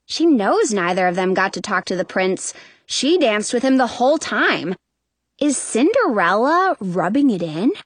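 A woman narrating a children's story in first person with an expressive, anxious tone. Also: mid-range voice, measured pace, dry recording. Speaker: audiobook narrator.

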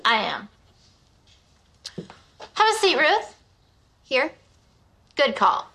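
An actress playing a sardonic young waitress in a sitcom, delivering deadpan, sarcastic put-downs. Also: female voice, high voice, drawn-out words, vocal fry, exaggerated voice. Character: sardonic young female waitress and business partner. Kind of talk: sitcom acting.

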